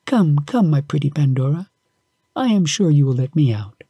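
A man's voice: on the high side, lively intonation, normal speed, warm tone, breathy edge, no echo. A man voicing a cheerful little female fairy spirit with a coaxing, playful way of speaking.

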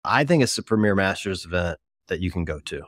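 A man's voice: sits low, animated, a little fast, fairly bright tone, no echo, studio quality. A man hosting an interview podcast in a casual, joking, chatty way. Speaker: podcast host.

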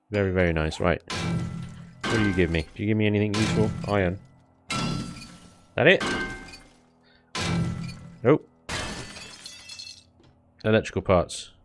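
A man giving casual let's-play commentary, chatting along, exclaiming at finds and taunting enemies. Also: deep voice. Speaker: gaming YouTuber.

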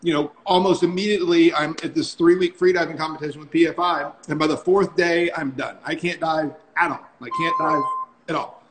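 Casual instructor in his forties, a man with a slightly high voice who tells stories and checks in with "right?" over a call mic. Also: steady tone, brisk, background noise. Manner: chatty, tags sentences with "right?". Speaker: freediving instructor and guest. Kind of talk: casual storytelling on a live stream. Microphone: phone or computer mic on a video call.

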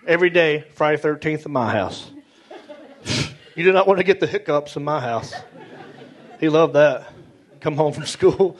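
A middle-aged man with a Southern American accent, telling stand-up stories in a drawling, animated way. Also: fairly high pitch, moderate pace, pauses often. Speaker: stand-up comedian. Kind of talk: stand-up storytelling. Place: comedy stage before a live audience. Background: audience laughter.

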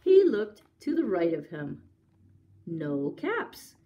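Slow, expressive woman reading story time. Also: fairly low pitch, lo-fi sound. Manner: slow, expressive, asks young listeners questions. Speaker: children's librarian. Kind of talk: story time read-aloud.

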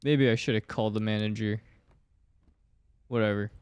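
A man's voice: on the low side, steady tone, moderate pace, darkish tone, clean tone, dry recording. A young man gives jumpy commentary while playing a horror game, talking to himself and swearing now and then. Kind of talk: gameplay commentary.

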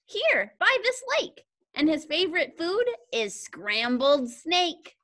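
A woman's voice: high voice, big pitch swings, slow pace, fairly bright tone, exaggerated voice. A young woman voicing a small, clever, boastful mouse in a storybook read-aloud over a video call. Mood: confident.

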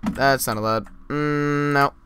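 A man giving jokey, mock-boastful live commentary while playing a game, with sudden loud outbursts. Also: mid-range voice, fairly even intonation, slow pace, noisy background. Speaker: gaming YouTuber.

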